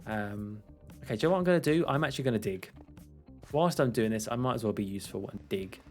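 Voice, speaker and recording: A man's voice: on the low side, lively intonation, fast talker, darkish tone, soft background music. A young English man streaming while he plays, chatting casually in a rambling, self-mocking way with frequent laughs. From England. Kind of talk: casual chat while gaming.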